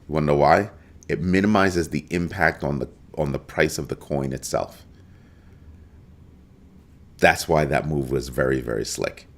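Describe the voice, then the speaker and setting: A man with a very low, deep voice hosts a live crypto stream. He talks in an emphatic, animated way and calls out to viewers in the chat as he goes. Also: moderate pace, pauses often. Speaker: crypto show host.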